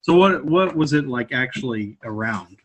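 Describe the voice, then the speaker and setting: A man hosts a casual podcast interview. His voice sits at an average pitch, and his manner is easygoing. He laughs along with his guest and keeps the conversation loose. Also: animated, normal speed. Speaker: podcast host.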